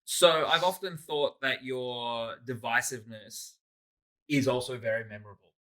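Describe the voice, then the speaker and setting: A man's voice: medium pitch, normal speed, a bit bright, rough recording. A man co-hosting a casual podcast, teasing his co-host in playful banter. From Melbourne, Australia.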